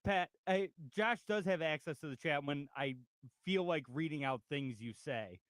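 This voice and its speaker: A man's voice: fairly high pitch, normal speed, dry recording, studio quality. A man hosting a sports radio talk show, chatting casually and reading out comments from the chat. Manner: animated, reads out chat comments.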